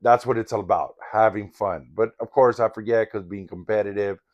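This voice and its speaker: A man's voice: on the low side, fairly quick, muffled recording. An older man telling a personal story in a casual, rambling, candid and reflective way. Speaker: vlogger in sobriety recovery.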